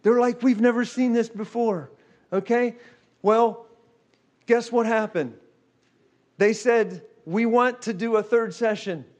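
Male preacher with a high voice, animated and fast in the story parts of a sermon. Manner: animated, fast storytelling with repeated "okay?" and "guess what".

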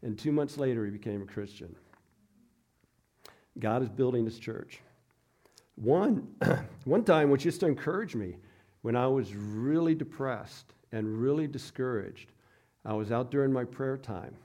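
Male pastor, mellow voice, chatty storytelling sermon. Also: medium pitch, unhurried, long pauses. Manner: conversational, self-deprecating storytelling.

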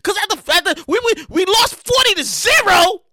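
Loud, animated New York podcast host. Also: female voice, very high voice, normal speed, no echo, clean studio sound. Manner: loud, animated, swearing, vents and shouts. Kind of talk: casual solo podcast chat. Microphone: close podcast mic.

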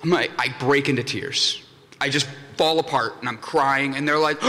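A young man with a pushed, bright mid-range voice speaks at a moderate pace, giving a comedic keynote to a live audience in a conference hall. A jokey storyteller, he acts out the voices in his anecdotes. The recording carries long hall reverb from the room.

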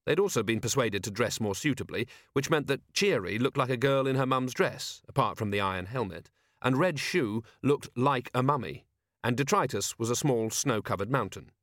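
Calm male audiobook narrator. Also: mid-range voice, moderate pace, no echo, studio quality. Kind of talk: scripted narration.

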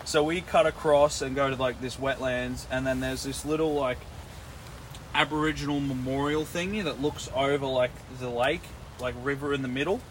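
A man's voice: medium pitch, fairly even intonation, moderate pace. Young aussie guy yarning in a tent, sweary and chill, noisy background. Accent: Australian. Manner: laid-back, sweary storytelling with lots of "like". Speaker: podcast co-host. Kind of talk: casual chat. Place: inside a tent. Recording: noticeable background noise.

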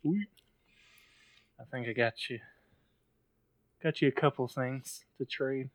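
A man's voice: mid-range voice, slow, no echo. A man co-hosting a casual podcast chat, jokey and acting out little scenes. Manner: jokey, acts out little bits and voices. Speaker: podcast co-host.

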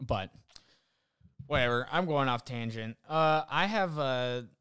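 A man's voice: mid-range voice, lively intonation, takes it slowly, a bit bright, smooth, no room sound, studio quality. A young man ranting casually and sarcastically as a podcast host, rambling and swearing. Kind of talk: casual rant.

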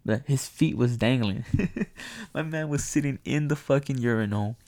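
A young man telling a profane, animated story in casual chat, often laughing. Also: mid-range voice, normal speed, no echo.

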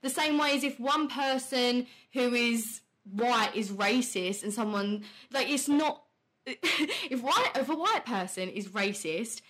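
A young woman hosting a podcast, talking casually and bluntly, swearing freely and laughing often. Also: on the high side. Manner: quick, heated rants with animated quoted voices. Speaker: podcast host. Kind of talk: casual chat on a live stream.

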